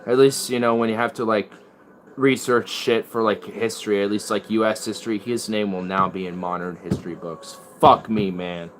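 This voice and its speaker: A man's voice: fairly low pitch, fairly even intonation, moderate pace, slight background noise. A man chatting casually while playing guitar, rambling and swearing freely. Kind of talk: casual chat.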